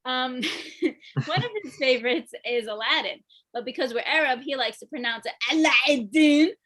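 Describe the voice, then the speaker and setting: A young woman performs a stand-up set over a video call, her voice high and bright. She keeps breaking into giggles at her own punchlines. The sound comes through a home computer mic. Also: normal speed. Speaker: stand-up comedian.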